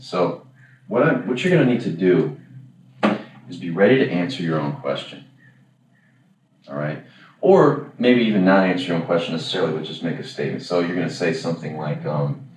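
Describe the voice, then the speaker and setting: Super deep voiced guy rambling thru a dating lesson, mic kinda far off, echoey room. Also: moderate pace, long pauses, background noise. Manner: rambling, self-correcting, acts out example lines. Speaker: dating coach. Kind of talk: casual workshop lecture.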